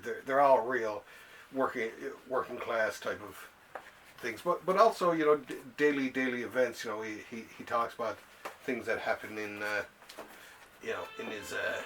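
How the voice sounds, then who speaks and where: A man's voice: mid-range voice, animated, normal speed, fairly bright tone, faint music behind. A man hosting a casual show about comic books, rambling and often laughing as he talks. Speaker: show host. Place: home library room.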